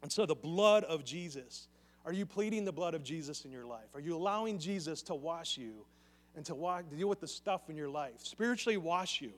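High-voiced pastor preaching in a reverberant church. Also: male voice, lively intonation, fairly quick. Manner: earnest, questions the congregation directly. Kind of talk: sermon. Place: church sanctuary. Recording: long reverb of a church hall.

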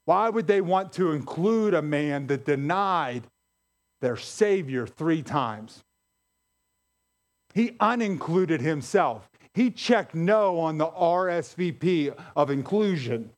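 A male pastor preaching a sermon, animated and emphatic, repeating key phrases for effect. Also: a little high, slow pace.

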